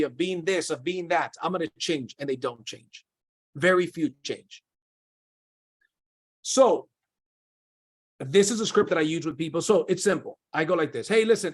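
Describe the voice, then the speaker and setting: Man, sales coach, emphatic and repetitive, slightly high voice, video call. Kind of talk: motivational sales training.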